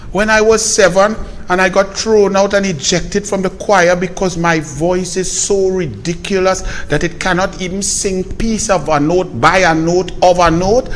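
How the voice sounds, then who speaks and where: A man's voice: high-pitched, slight background noise. A man with a Trinidadian accent, giving sarcastic, mocking political commentary. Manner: sarcastic, mocking, fast-talking.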